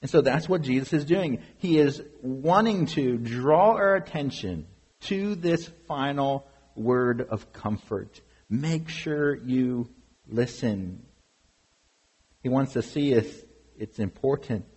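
Husky-voiced preacher in a reverberant hall. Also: male voice, medium pitch, expressive, slow pace, a little mellow. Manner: earnest, emphatic, rhetorical questions to the congregation. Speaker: pastor. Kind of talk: sermon. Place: church sanctuary. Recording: long reverb of a large hall.

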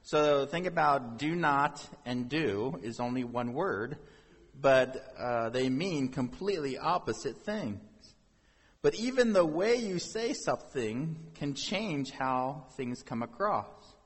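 A man's voice: medium pitch, lively intonation, slow, breathy edge, big-room sound. A man preaching a sermon as pastor, talking to the congregation in a conversational way with rhetorical questions.

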